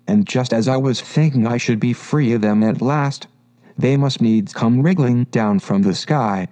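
A man's voice: measured pace, warm tone, lightly acted. A man voicing a fussy, sulky mother pigeon in a storybook, complaining and rising to a shriek. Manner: complaining, shrill when upset.

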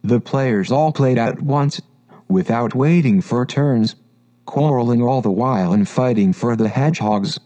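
A man reading a storybook aloud in measured, steady narration. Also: medium pitch. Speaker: audiobook narrator.

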